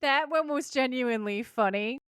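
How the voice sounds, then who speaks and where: Lively British woman retelling a TV episode. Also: sits high, normal speed, smooth, no echo, clean studio sound. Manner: animated retelling, acting out characters' lines with frequent laughter. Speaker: podcast co-host. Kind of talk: casual chat recapping a TV episode.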